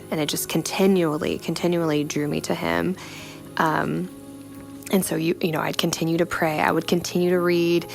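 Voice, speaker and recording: Young woman, low voice, slight vocal fry, faith testimony, reflective, halting, faint music underneath. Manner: reflective, halting, many "you know" fillers. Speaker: storyteller sharing a personal testimony.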